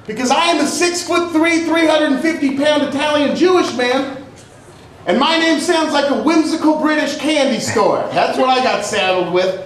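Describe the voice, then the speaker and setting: High-voiced man doing stand-up in a club. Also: normal speed, slight background noise. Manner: loud, punchy, with stammering restarts. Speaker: stand-up comedian. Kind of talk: stand-up routine. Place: comedy club stage. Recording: echoey club from far off.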